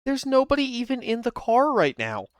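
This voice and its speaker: Streamer man, smooth, slightly high voice, dry close sound, loose rambling commentary. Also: huge pitch swings, moderate pace, no room sound. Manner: rambling, filler-heavy, reads chat aloud. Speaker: streamer reacting to police clips. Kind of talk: casual live commentary.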